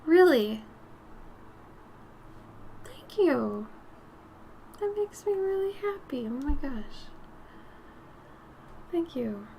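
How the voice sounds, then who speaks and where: A woman with a raspy, smoky voice chatting casually while she paints on a live stream, her nose a little stuffy. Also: sits high, very animated, slow pace, pauses often, a little hiss or hum. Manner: chatty, drifts between topics, soft murmured asides.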